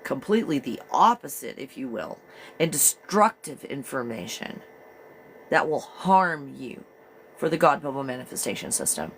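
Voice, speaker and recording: A woman's voice: a bass voice, sing-song, normal speed, slight background noise. A woman hosting a live morning stream, chatty and rambling, often breaking into laughter. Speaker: live show host. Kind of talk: casual live-stream talk.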